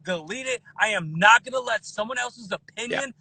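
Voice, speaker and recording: A man in his thirties guesting on a podcast, talking in an animated way with lots of restarts and repeated words. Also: very high-pitched, normal speed, breathy edge, no room sound, low-quality recording. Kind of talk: casual podcast chat.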